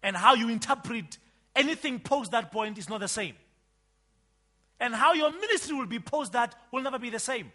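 Male preacher, bright high voice, lively emphatic delivery, sermon. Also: moderate pace. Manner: emphatic, swings from loud outbursts to quiet asides.

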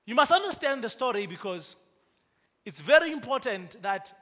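A man's voice: very high voice, very animated, normal speed, pushed and bright, in a large hall. A man preaching a sermon to a congregation, prompting them to respond and building to emphatic rises. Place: church.

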